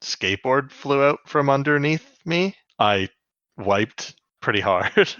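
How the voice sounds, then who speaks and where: A man co-hosts a podcast from home on the US West Coast, joking, laughing often, swearing freely, and acting out quotes in casual chat. His mid-range voice is animated and slow, with a sharp, clean tone. The recording has no echo but sounds muffled.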